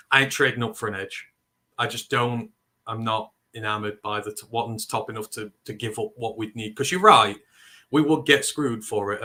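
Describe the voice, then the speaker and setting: A man from northern England with a Northern English accent, co-hosting a casual sports talk stream, animated and opinionated. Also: medium pitch. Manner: animated, opinionated, quick asides. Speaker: co-host.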